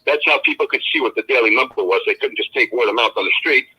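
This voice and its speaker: A man's voice: medium pitch, fast, bright, forceful tone, slightly rough, rough recording. A man co-hosting a casual live chat stream, telling stories in a tough-guy mobster manner. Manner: tough-guy mob banter, storytelling.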